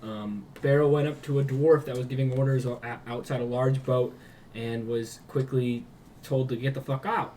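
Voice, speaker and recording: A young man narrating as game master of a tabletop game, casual and halting with fillers. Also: mid-range voice, darkish tone. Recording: distant mic with faint noise.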